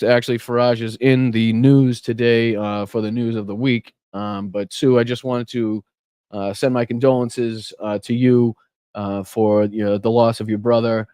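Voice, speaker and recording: Boston dude hosting a live politics stream, middle-aged, swears a lot, dry close sound. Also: male voice, mid-range voice, flat delivery, normal speed, warm tone, clean tone, dry recording. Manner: casual, swears freely, reads out chat names. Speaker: host of a political livestream show. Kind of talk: casual livestream chat. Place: home room with air conditioner running.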